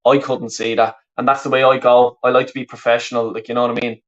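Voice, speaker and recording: A man's voice: medium pitch, level tone, fast talker, highs cut off. A man with a Dublin Irish accent, originally from the west of Ireland, chatting casually and swearing freely while commentating live on a football match and reading out viewers' comments. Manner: chatty, rambling, frequent swearing and restarts. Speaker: football watch-along streamer. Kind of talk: live watch-along commentary.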